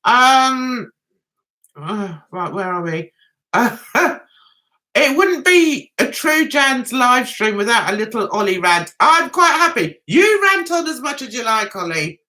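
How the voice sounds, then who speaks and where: Giggly, bright-voiced woman chatting slowly. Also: on the high side, sing-song. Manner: giggly, chatty, often laughs at herself. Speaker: vlogger hosting a live chat. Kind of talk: casual live-stream chat reading comments.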